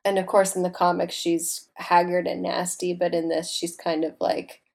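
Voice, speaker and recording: A young woman in casual chat, retelling a film scene by scene with lively acted-out lines and casual swearing. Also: lowish voice, normal speed, gravelly. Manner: animated, acts out characters, swears freely.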